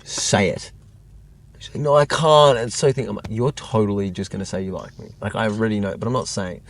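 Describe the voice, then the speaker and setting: Guest: young guy, lowish voice, rambling storyteller, heavy on "like". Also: racing. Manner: rambling, lots of "like", animated retelling. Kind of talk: casual storytelling chat.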